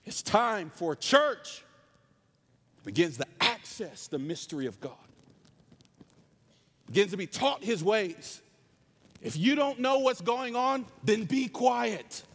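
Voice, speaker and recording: Passionate preacher in a reverberant hall. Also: male voice, high voice, sing-song, takes it slowly, long pauses. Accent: Southern US, North Carolina. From North Carolina. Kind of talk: sermon.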